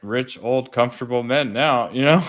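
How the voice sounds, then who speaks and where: A man's voice: medium pitch, moderate pace. A man co-hosting a casual podcast chat, laid-back and rambling with lots of slang. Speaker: co-host.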